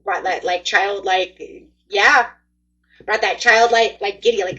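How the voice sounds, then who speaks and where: A woman giving a casual tarot reading, chatty and excitable, talking straight to her viewers. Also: mid-range voice, a little slow, husky, lo-fi sound. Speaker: tarot reader.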